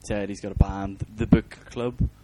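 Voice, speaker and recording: Rambling man, lowish voice. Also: little pitch movement, normal speed, background noise. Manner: rambling, jokey. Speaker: podcast host. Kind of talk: casual chat.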